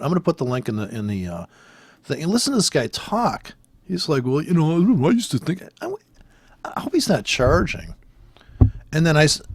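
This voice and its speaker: A man's voice: fairly high pitch, no room sound. A man giving profane, sarcastic, exasperated commentary on trading charts while scrolling through them. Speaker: trader commenting on price charts.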